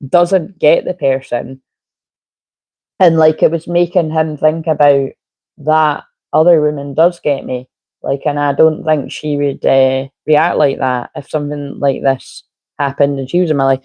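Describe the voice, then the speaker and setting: A woman's voice: deep voice, fairly even intonation, measured pace, dry recording, lo-fi sound. A woman giving a casual, rambling tarot reading, drifting off topic and swearing now and then. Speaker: tarot reader.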